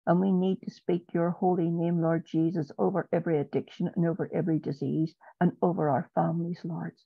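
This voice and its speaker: Woman, gravelly voice, flat delivery, earnest prayer, dull dry call audio. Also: fairly low pitch, dry recording. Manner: earnest, repetitive pleading prayer. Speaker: prayer group member. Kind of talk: spoken prayer. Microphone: video call.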